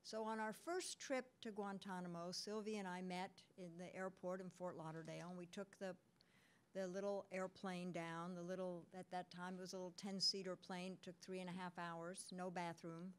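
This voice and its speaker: A woman lawyer in a panel conversation, telling a story in a relaxed way with some restarts. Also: on the low side, moderate pace, smooth.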